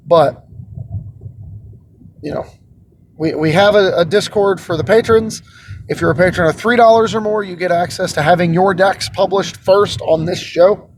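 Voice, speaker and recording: High-voiced man chatting in a car. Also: moderate pace, slight background noise. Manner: relaxed, rambling, self-deprecating. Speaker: host. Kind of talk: casual vlog chat. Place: inside a car.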